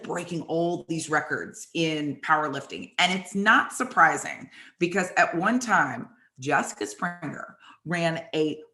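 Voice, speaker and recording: Bright-voiced woman telling football stories. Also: on the low side. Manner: animated, acts out quotes from the story. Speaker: host and former football player. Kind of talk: storytelling chat. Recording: echoey room.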